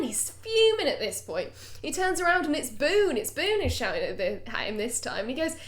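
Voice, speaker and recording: A woman co-hosting a comedy podcast, telling a long joke in an animated way and acting out the characters' lines. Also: a little high, brisk, hardly any pauses. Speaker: podcast co-host. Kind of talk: comedic storytelling.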